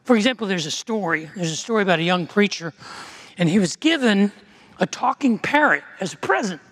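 A male pastor preaches a sermon in a church sanctuary, telling stories conversationally and frequently restarting his sentences. His voice sits high, sounding animated and fairly bright as he speaks briskly. Long church reverb fills the recording.

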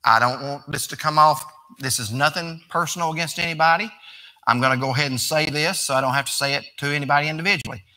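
Bright-voiced pastor preaching folksy. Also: male voice, on the high side, steady tone, quick pace. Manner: conversational, folksy, rising to emphatic preaching. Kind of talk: folksy sermon.

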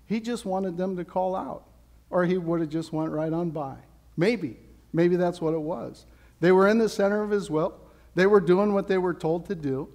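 A man's voice: high voice, moderate pace, darkish tone. A man preaching a sermon as pastor, in a casual, conversational way with playful asides. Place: church sanctuary. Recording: long hall reverb.

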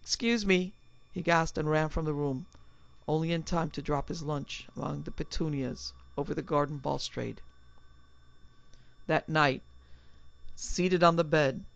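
A woman reading a horror story aloud in a measured, dramatic narration. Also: sits low, gravelly, dry recording. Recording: slightly dull, dry recording.

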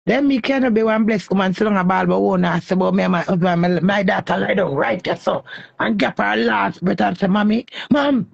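A woman's voice: mid-range voice, a little fast, creaky, no echo, lo-fi sound. A woman with a Jamaican accent ranting heatedly and scolding someone in a repetitive live stream.

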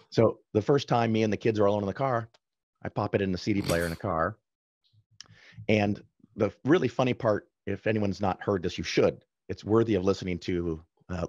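A man guest on a podcast, casually telling anecdotes with quick asides and self-corrections. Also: low-pitched, a little mellow, dry recording, highs cut off. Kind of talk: casual storytelling in conversation.

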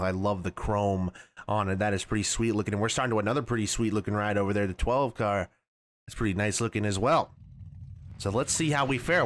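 A man commentating his own racing game play in a casual, excitable way, with sudden loud yelps at crashes. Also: medium pitch. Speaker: gaming channel host. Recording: noisy game audio underneath.

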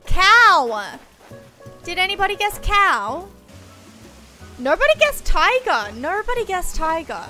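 A woman's voice: very high-pitched, very animated, slow, pauses often, sharp tone. A young woman, chatting casually on a game livestream and gasping and squealing at each new reveal. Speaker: streamer. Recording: game music playing behind.

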